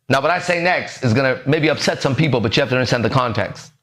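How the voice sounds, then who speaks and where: A man's voice: mid-range voice, fast talker, few pauses, fairly bright tone. A man hosting a podcast, telling a story in a casual, profane way and acting out the other people's voices. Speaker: podcast host.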